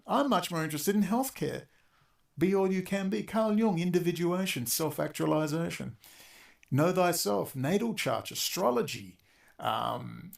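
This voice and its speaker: A man ranting angrily on a talk show, profane and exasperated, talking in rapid bursts. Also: sits high, creaky. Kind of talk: angry political rant.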